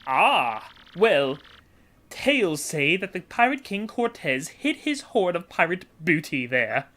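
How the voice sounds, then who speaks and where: A woman's voice: fairly low pitch, big pitch swings, slow pace, fairly bright tone, exaggerated voice. A woman voicing a flamboyant, vain, wealthy male sea trader for a game playthrough, speaking in grand theatrical exclamations. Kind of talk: voicing game dialogue for a let's play.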